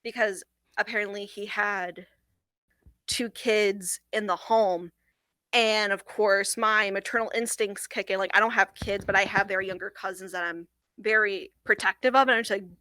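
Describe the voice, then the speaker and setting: A young woman tells of a hard call from her hotline work, earnest and a little halting, with plenty of "like" along the way. Her voice is bright and taut, set at a middle pitch. The sound is dry and close. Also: steady tone, no echo, rough recording. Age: young adult. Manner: earnest, halting, with frequent "like" fillers. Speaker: domestic violence hotline worker. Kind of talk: recounting a personal experience in an interview.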